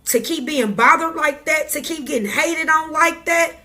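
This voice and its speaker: A woman speaks to camera in a casual vlog, giving the viewer a raw, preachy pep talk. Her voice sits high and sounds bright and clear. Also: moderate pace. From Midwest United States. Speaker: tarot reader vlogger.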